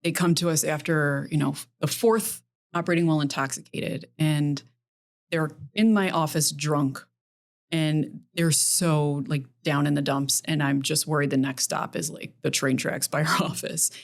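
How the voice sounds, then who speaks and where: A middle-aged woman, a criminal defense attorney, chatting as a podcast guest, earnest and listing things in quick runs. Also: low-pitched, fairly even intonation, gravelly. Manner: earnest, talks in quick lists. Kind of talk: casual interview chat.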